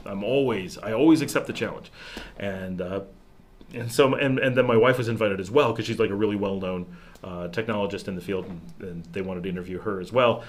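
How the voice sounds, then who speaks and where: A middle-aged man hosting a casual live Q&A from home, telling stories in an animated, rambling way, with many restarts and acted-out quotes. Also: lowish voice, quick pace. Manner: animated, acts out quotes in changed voices, restarts often. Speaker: livestream host answering viewer questions. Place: home in a town abroad.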